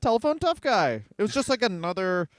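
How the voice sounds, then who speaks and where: A man's voice: high-pitched, big pitch swings, a little fast, dry recording, studio quality. A man co-hosting a podcast from his garage, cracking wry, crude jokes and anecdotes. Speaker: podcast co-host. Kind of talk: crude comedic banter. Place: home garage.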